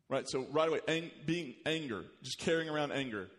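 Man preaching a sermon in a reverberant hall. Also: normal speed. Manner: animated, rises in pitch and volume when quoting scripture. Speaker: pastor.

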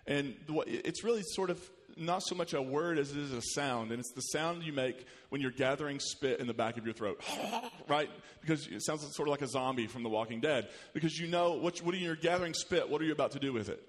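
A man preaching a sermon as pastor, animated, rising in pitch and volume when he quotes scripture. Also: a little fast, few pauses. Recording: long hall reverb.

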